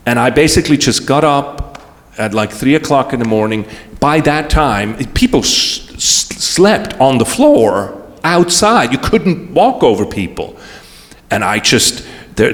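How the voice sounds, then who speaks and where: A man giving a talk as guest speaker, telling a personal story with emotion and frequent restarts. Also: mid-range voice. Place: large event hall. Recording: long hall reverb.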